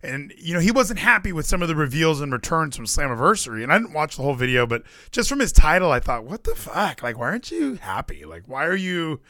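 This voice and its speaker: A man co-hosting a casual wrestling podcast, rambling and excitable, with the odd swear. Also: on the high side, fast, few pauses, dry recording, studio quality. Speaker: podcast co-host.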